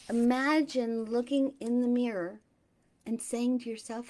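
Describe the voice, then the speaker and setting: A middle-aged woman hosts a motivational spiritual talk. Her voice sits a little high, and she takes her time, unhurried. She speaks gently and sometimes sinks into a soft whisper. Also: fairly even intonation. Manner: slow, gentle, drops into soft whispers at times.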